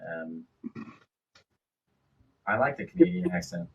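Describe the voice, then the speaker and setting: A man hosting a live painting stream, chatting casually and joking while he paints, often trailing off into quiet mumbles. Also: low-pitched, very animated, slow pace, vocal fry, poor audio.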